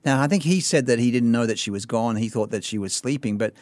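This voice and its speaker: A man's voice: medium pitch, quick pace, a little mellow, no echo. A man from Australia co-hosting a radio talk show, chiming in often with supportive agreement. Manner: supportive, frequent agreeing interjections. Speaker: radio co-host. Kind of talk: casual chat.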